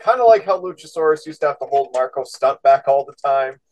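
A man co-hosting a podcast over a video call, pitching ideas in a relaxed chatty way. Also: brisk, rough recording. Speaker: podcast co-host. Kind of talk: casual fantasy booking chat.

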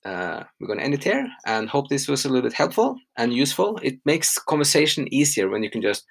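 A woman teaching grammar on a podcast, explaining patiently with relaxed fillers. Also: extremely low pitch, brisk, gravelly. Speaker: language teacher.

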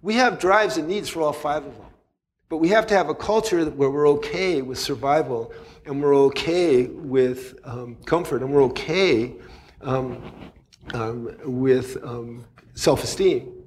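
A man's voice: a little high, measured pace. A man speaking as a psychologist guest in a casual conversation, loose and candid, swearing freely and laughing at himself.

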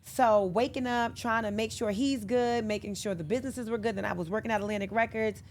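A woman's voice: on the high side, steady tone, a little fast, slight background noise. A woman guest in casual interview chat, who tells stories animatedly and acts out the lines she quotes. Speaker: podcast guest.

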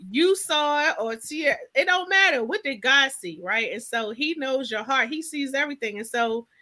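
High bright-voiced woman hosting a faith podcast, preachy and hyped, aave. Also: normal speed. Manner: lively, preachy, call-and-response. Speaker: podcast host. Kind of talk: casual faith talk.

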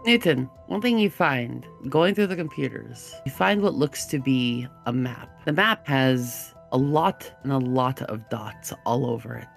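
A game master narrating a tabletop horror game in measured tones, using dramatic pauses. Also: female voice, rumbling low, lively intonation, gravelly, soft background music.

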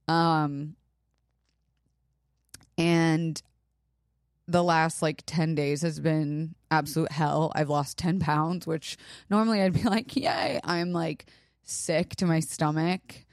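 A young woman hosting a podcast, talking in a halting, emotional way while she holds back tears, with many pauses and fillers. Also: deep voice, dry recording, studio quality. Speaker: podcast host. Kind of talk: personal monologue.

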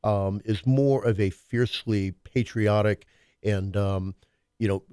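A man's voice: lowish voice, fairly even intonation, slow pace, mellow, smooth, dry recording, clean studio sound. A man hosting a talk radio show, musing on current events in a rambling, hesitant way full of fillers. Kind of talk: casual political talk.

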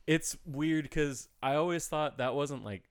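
A man's voice: on the high side, a little slow, clear, resonant tone, no room sound, clean studio sound. A man hosting a casual podcast chat with friends, swearing freely and acting out the people in his stories. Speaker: podcast host.

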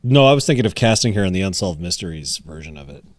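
A man co-hosts a comedy podcast in a lowish voice, making wry, rambling asides. He hesitates as he searches for names. The recording is close and dry. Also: lively intonation, fast talker, no room sound. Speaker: podcast co-host. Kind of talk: casual comedic podcast banter.

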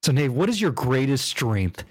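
A man's voice: medium pitch, very animated, moderate pace. A man co-hosting a podcast in casual chat, loose and rambling, with plenty of fillers and tangents. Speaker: podcast co-host.

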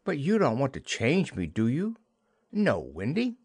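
A man's voice: mid-range voice, wildly swooping pitch, measured pace, a little mellow, breathy edge, no echo, voice pushed up, heavily acted. A man voicing a prim, motherly young girl who talks in a earnest, lightly scolding way.

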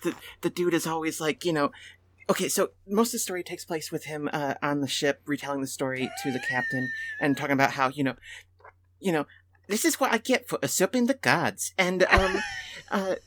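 Woman co-host, casual swearing chatter, lively pitch, quick laughs. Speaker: podcast co-host. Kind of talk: casual chat.

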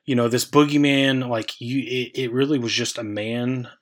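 A man's voice: mid-range voice, steady tone, normal speed, over a noisy crowd. A man in his thirties co-hosting a podcast, talking loosely with lots of fillers and restarts. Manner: loose, rambling with many fillers. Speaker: podcast co-host. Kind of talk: casual chat.

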